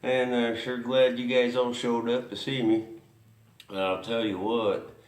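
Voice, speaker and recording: A man's voice: mid-range voice, little pitch movement, a little slow, roomy sound. A man hosting a racing history show, rambling through a folksy story with lots of chuckles and asides.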